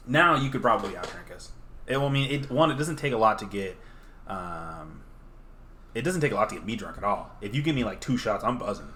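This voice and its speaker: Bright-voiced young man telling stories. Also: lowish voice, a little fast, slight background noise. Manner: animated storyteller, laughs often, swears freely. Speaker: podcast host. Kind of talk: casual chat.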